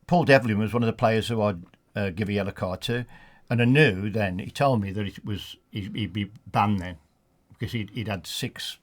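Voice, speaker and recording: A man with a Black Country accent, a retired football referee telling funny anecdotes in a relaxed studio chat. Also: lowish voice, normal speed. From England. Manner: anecdotal, laughs at his own stories, many restarts. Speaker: studio guest, former referee. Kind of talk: storytelling in a casual chat.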